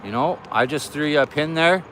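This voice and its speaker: A man's voice: on the high side, fairly quick, fairly bright tone. A friendly, talkative middle-aged man, live-streaming from outdoors near an air base. He greets his viewers one by one in easy, loose chat, with faint traffic behind him. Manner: chatty, greeting viewers by name.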